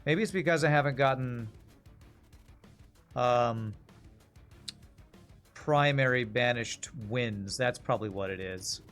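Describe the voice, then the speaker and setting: A man's voice: mid-range voice, takes it slowly, pauses often, a bit bright, soft background music. A man from Texas streaming a video game, thinking aloud in a rambling, casual way with many fillers. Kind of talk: casual gameplay commentary.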